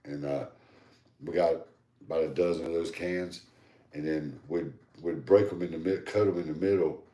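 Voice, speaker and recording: Recorded in an echoey room that sounds bare, this podcast co-host tells a long, meandering story at a moderate pace. His very deep, low voice carries easy, casual talk that's animated and salty.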